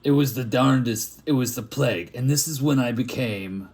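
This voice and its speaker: A man's voice: medium pitch, moderate pace, darkish tone, slightly rough. A man voicing a grimy male plague doctor from a back-alley town, rambling and crude in an improvised comic monologue. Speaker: artist improvising a comic story.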